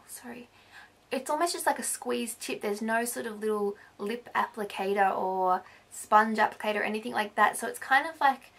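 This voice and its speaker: An Australian woman beauty vlogger chatting casually through a haul, rambling and correcting herself, a little hoarse as she is losing her voice. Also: a little high, a bit bright. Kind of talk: casual haul video chat.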